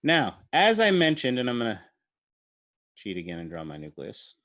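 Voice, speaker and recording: A man's voice: medium pitch, huge pitch swings, normal speed, a bit bright, no echo, clean studio sound. A man giving a recorded university biology lecture. He explains step by step while drawing, thinks aloud, and asks the class playful questions.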